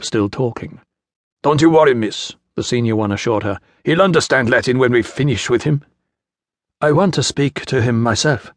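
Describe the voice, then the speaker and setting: Man reading a historical novel audiobook, middle pitch, even and measured, dry close mic. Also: no echo. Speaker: audiobook narrator. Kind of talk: scripted narration.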